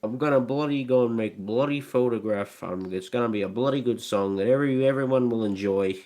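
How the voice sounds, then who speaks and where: A man's voice: medium pitch, a little fast, a little mellow, close to an everyday voice. A man putting on a comic impression of a bitter male rock drummer who complains and swears constantly in podcast chat. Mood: grumbling. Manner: cursing, complaining, every sentence full of 'bloody'.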